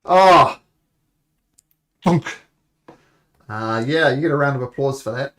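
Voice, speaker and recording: A man's voice: medium pitch, fast, a bit bright. A man narrating as game master, rambling along with self-corrections.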